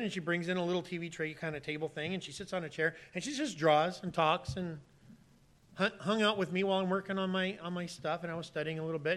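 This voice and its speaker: A male pastor preaches in a high, bright voice. He tells stories with animated energy and breaks into loud, pleading acted-out lines before dropping back to a soft, confiding tone. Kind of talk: sermon.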